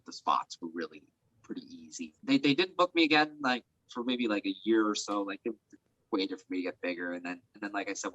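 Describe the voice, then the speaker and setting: A young man chatting as an interview guest, rambling and filling pauses with "like" and "um". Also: on the low side, bright, forceful tone, no echo, muffled recording. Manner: rambling, heavy use of fillers like "like" and "um". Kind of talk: casual chat.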